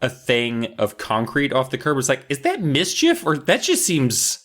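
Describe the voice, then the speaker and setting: A man co-hosting a podcast, casually recapping a book with profane jokes and quick put-on voices. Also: medium pitch, wildly swooping pitch, a bit bright. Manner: joking, profane, acts out voices. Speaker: podcast co-host.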